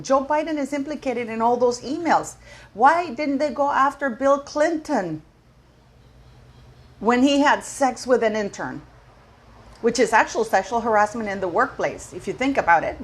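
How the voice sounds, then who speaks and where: A woman's voice: on the high side, slightly rough. Indignant middle-aged woman ranting to camera. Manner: indignant, rambling, repeats words for emphasis. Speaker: commentary channel host. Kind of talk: casual opinion rant to camera.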